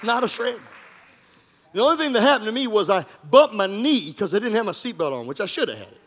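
A pastor preaching an energetic sermon to his congregation, telling stories with jokes and bursts of shouting. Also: high voice, quick pace, a faint crowd, slight background noise. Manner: animated, joking, breaks into shouts. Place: church congregation room.

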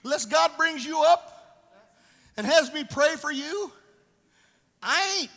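Brief: high, bright male pastor, blunt and scolding, preaching in a reverberant church hall. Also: lively intonation, takes it slowly. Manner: blunt and scolding, swinging to shouting. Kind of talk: sermon.

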